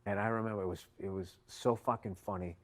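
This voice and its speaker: A man's voice: on the low side, steady tone, quick pace. A rambling, cursing male podcast storyteller. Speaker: podcast co-host. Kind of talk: casual chat.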